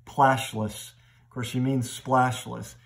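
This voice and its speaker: A middle-aged man giving a recorded literature lecture in a conversational way, often repeating words as he thinks and slowing down to read poem lines aloud. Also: medium pitch, fairly even intonation, a little mellow.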